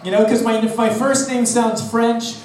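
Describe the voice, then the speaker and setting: A man's voice: very high-pitched, flat delivery, measured pace, darkish tone, slight background noise. A man from Los Angeles doing a stand-up comedy set, brash and profane, mocking himself in his punchlines. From Los Angeles, USA. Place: live comedy venue with audience. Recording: echoey room, distant mic, audience laughter.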